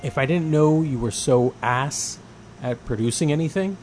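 A man's voice: fairly high pitch, moderate pace, darkish tone, a little hiss or hum. A man co-hosting a radio show, teasing and sarcastic in casual chat.

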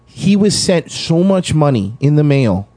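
A man's voice: a little high, unhurried, no echo. A man co-hosting a casual podcast, telling a story with lots of swearing and acting out the people he quotes. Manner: profane, animated storyteller, acts out quotes. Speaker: podcast co-host.

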